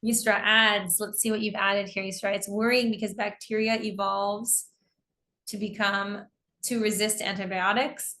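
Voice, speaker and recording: Gravelly-voiced American woman teaching a class. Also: medium pitch, flat delivery, measured pace, pushed and bright. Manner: explains patiently with examples, reads out students' answers. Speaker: English teacher. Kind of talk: online class lesson.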